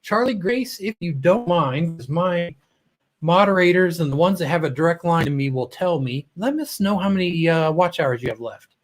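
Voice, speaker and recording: A man with a slightly high voice hosts a casual livestream and greets his viewers by name. He rambles and trails off mid-sentence, a little choked up and fond of his audience. It sounds like he is talking into a computer mic. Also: normal speed. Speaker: livestream host. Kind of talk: casual live-stream chat greeting viewers.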